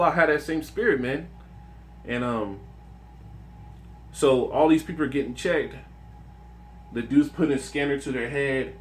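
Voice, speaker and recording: A man with an ordinary mid-range voice shares a dream and reads scripture in a relaxed, earnest way. He often circles back over his words and calls the listener "man". A faint hum sits behind him. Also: mid-range voice. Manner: earnest and conversational, with many restarts and "man". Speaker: religious video speaker. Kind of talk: informal religious testimony and scripture reading.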